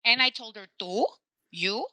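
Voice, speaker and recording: A woman's voice: fairly high pitch, expressive, measured pace, pushed and bright, dry recording, rough recording. A woman hosting a casual podcast conversation, telling stories animatedly and dropping in Spanish phrases. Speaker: podcast host.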